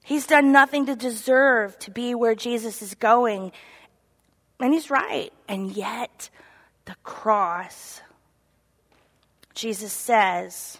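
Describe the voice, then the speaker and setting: A woman giving an earnest, confessional sermon, moving between loud emphasis and soft whispered asides. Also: a little high, slow pace, pauses often. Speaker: church speaker. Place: church sanctuary. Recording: long echo of a large hall.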